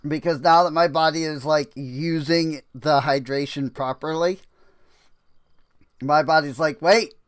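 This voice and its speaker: A young man chatting his way through a game stream, slow and unhurried, with a smooth, clear voice that sits a little high. He rambles with lots of fillers and laughs often, and his throat sounds a bit dry. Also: steady tone. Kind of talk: casual gameplay commentary.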